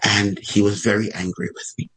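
Male preacher, low husky voice, animated sermon delivery with acted-out prayers. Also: moderate pace, rough recording.

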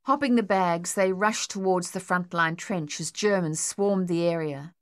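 A woman reads an audiobook in a steady, measured way. Her voice sits fairly low. The recording is dry and close, with no room sound. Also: dry recording. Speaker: audiobook narrator. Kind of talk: scripted narration.

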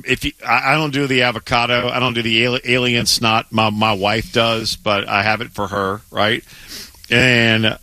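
Male sports radio co-host, excitable banter, bright voice, dry studio sound. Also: mid-range voice, normal speed, dry recording. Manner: excitable, stammering restarts. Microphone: studio microphone.

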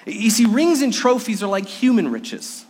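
A male pastor preaching at a Sunday service, conversational and storytelling, his voice sitting a little high for a man. The sound carries the long reverb of a church sanctuary. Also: sing-song, normal speed, a little mellow, husky. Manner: conversational, with restarts and storytelling asides. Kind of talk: sermon.

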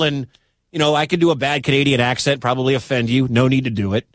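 A man from the American Midwest hosting a sports talk radio show, talking in an animated, incredulous, conversational way. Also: mid-range voice, fast talker, dry recording, clean studio sound.

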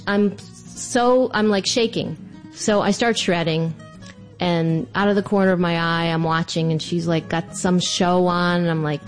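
A woman telling a comic personal story in an animated, self-mocking way. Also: on the low side, normal speed, faint music behind.

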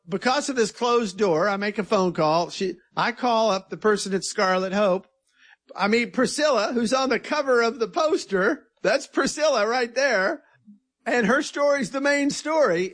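A filmmaker being interviewed, telling an earnest, animated story and quoting others in his own voice. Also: sits high.

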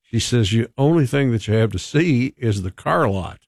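A man's voice: mid-range voice, lively intonation, normal speed, vocal fry, a little mellow, no echo, studio quality. A man co-hosting a radio show, chatting casually and reading a food news item with joking asides. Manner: easygoing, chatty, reads news items with asides. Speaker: radio co-host.

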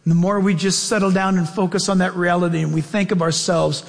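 A pastor preaching a sermon in an emphatic, conversational way, with self-deprecating asides. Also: male voice, high voice, level tone, fairly quick, gravelly, big-room sound.

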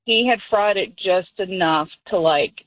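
A woman's voice: lowish voice, measured pace, no echo, phone-quality sound. Middle-aged lady caller, chatty story, laughs along, dry sound. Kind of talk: call-in anecdote.

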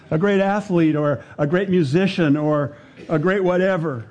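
A man preaching a sermon in an earnest, unhurried way, pausing often and dropping to a quiet voice for emphasis. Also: a little high, muffled recording.

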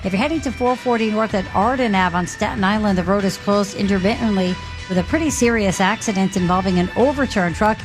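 A woman giving a radio traffic report in a brisk, matter-of-fact way. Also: mid-range voice, music in the background.

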